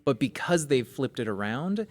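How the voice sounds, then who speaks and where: A man's voice: mid-range voice, big pitch swings, normal speed. A man co-hosting a gaming podcast in casual chat, explaining things enthusiastically with plenty of "like". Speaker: podcast co-host.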